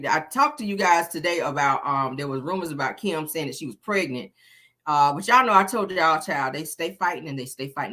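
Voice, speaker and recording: A woman's voice: low voice, a bit bright. A woman hosting a celebrity gossip show, talking in a chatty, exasperated, slangy way. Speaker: show host.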